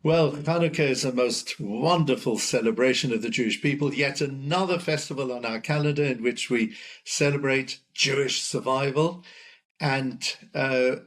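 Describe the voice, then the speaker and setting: An older man, a chief rabbi, guest on an interview podcast, telling stories in a measured way. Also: medium pitch. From United Kingdom. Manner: measured, storytelling delivery. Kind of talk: interview conversation.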